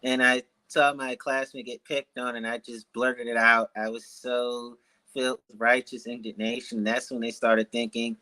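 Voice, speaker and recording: A man of about thirty from Washington, D.C., telling his life story as an author guest in an interview, in a deliberate, measured and articulate way. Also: medium pitch, flat delivery, pushed and bright, poor audio.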